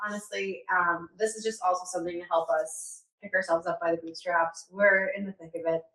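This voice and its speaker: A woman's voice: lowish voice, steady tone, fairly quick, a bit bright, roomy sound, poor audio. A woman co-hosting a podcast in casual, heartfelt chat, emotional and rambling, full of "like" fillers. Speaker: podcast co-host.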